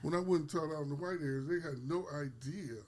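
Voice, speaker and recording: A man's voice: on the high side, fast talker, a little mellow. A man on a podcast, talking earnestly and emphatically in a casual discussion.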